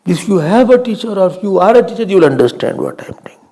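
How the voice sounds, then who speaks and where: An older Indian man with a gravelly, husky voice gives a spiritual talk. His pitch swings widely as he tells stories and asks questions, and he often drops to a whisper. His tone is dark and mellow. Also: very animated, fast. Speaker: swami giving a spiritual talk. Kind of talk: spiritual discourse.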